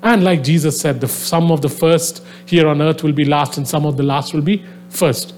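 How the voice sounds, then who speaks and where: His voice sits fairly high with a darkish tone, fairly even intonation and normal speed, soft music playing underneath. Before a live audience at a soundboard venue, he tells a story conversationally with lots of fillers, then works up to a fervent plea to his listeners.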